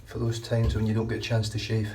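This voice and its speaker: Man, low monotone, casual rambling commentary, distant mic, faint noise. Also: fast talker. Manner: chatty, rambling, frequent restarts. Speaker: shaving vlogger. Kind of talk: casual running commentary while shaving.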